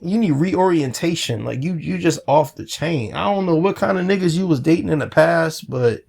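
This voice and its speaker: Male vlogger, gravelly and a touch high-pitched, loose profane rambling monologue. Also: moderate pace, darkish tone. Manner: rambling, profane, repeats fillers. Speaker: channel owner. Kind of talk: casual direct-to-camera rant.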